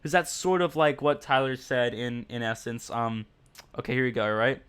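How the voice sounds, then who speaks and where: A man with a smooth, clear voice hosts a casual livestream podcast. He rambles on with lots of fillers and speaks in a blunt, mocking tone, addressing his viewers directly. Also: mid-range voice, moderate pace, a bit bright.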